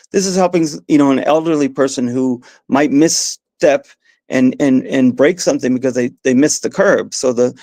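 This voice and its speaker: A man with a Mid-Atlantic Southern accent, a guest on an interview, answering thoughtfully with restarts and soft laughs. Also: on the high side, no room sound. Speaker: guest, education advocate.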